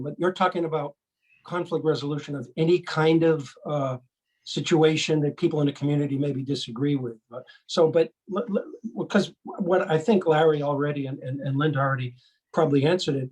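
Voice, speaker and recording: Husky-voiced man, halting and repeating. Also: fairly high pitch, poor audio. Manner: halting, repeats words, restarts. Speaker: discussion participant. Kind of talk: casual group discussion.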